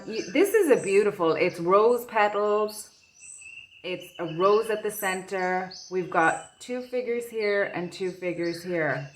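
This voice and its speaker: A woman's voice: medium pitch, a bit bright. A woman giving an intuitive tarot reading, dreamy and gushing with wonder at the cards. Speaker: tarot reader.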